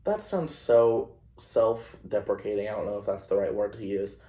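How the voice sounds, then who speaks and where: A young man hosting a podcast, telling a story in a casual, animated and self-conscious way, with lots of fillers. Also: on the low side, moderate pace. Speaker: podcast host. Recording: echoey room.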